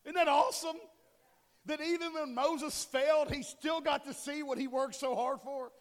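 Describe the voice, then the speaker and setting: A man's voice: very high-pitched, fairly even intonation, moderate pace. A man in his forties preaching a casual, joking sermon and often asking the congregation questions. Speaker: pastor. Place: church sanctuary. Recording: long hall reverb.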